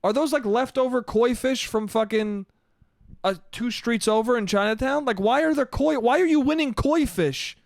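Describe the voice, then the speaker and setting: A man in his late twenties hosting a solo comedy podcast, telling stories in an animated, profane way. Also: very high-pitched, moderate pace, vocal fry, no echo, studio quality. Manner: profane, animated storytelling with put-on voices. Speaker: podcast host.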